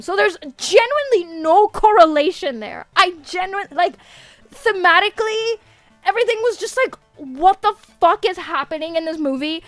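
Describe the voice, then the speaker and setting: Woman, streamer, very high voice, casual livestream chat, profane animated rant, laughs a lot, faint music behind. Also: dry recording. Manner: animated ranting with frequent swearing; laughs often. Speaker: VTuber streamer.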